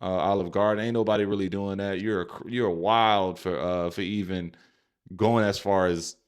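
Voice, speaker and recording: A man's voice: low voice, fairly even intonation, moderate pace, clear, resonant tone. A man hosting a reaction show, talking in an emphatic, slangy, exasperated way. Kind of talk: casual reaction commentary.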